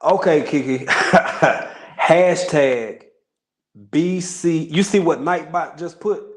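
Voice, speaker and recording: A man's voice: fairly high pitch, slow. A man from Texas with a Texan accent, hosting a livestream and chatting casually with viewers, joking, laughing often and rambling in asides. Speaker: livestream host. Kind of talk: casual chat with live viewers.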